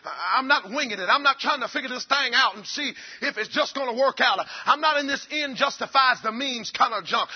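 A man preaching a fiery sermon as pastor, swinging between shouted lines and low, quiet passages. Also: brisk, hardly any pauses, slightly rough, lo-fi sound.

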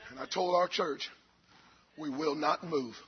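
A man preaching a fiery sermon as pastor, swinging between shouted lines and low, quiet passages. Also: unhurried, lo-fi sound.

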